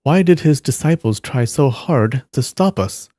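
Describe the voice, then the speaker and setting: A man's voice: mid-range voice, expressive, measured pace, warm tone, no room sound, studio quality, pitched above the performer's own voice. A man voicing an earnest young hero. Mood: worried. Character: earnest honest young male martial artist.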